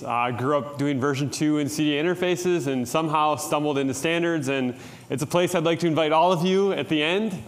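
A middle-aged man from Minnesota giving a conference tutorial talk in a casual, joking way, with frequent "uh" and "um". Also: on the high side. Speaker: conference presenter.

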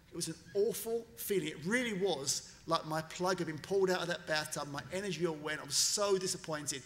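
A man tells a story at a graduation ceremony, his voice high and bright, with a long hall reverb trailing each phrase. He is an animated storyteller who slips into the voices of the people he quotes. The sound comes from a podium microphone. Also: a little fast, hardly any pauses. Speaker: commencement speaker. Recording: long reverb of a large venue.

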